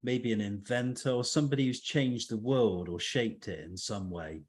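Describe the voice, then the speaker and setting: A man's voice: fairly low pitch, moderate pace, darkish tone, breathy edge. A man hosting an interview podcast, asking questions politely and enthusiastically. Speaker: podcast host.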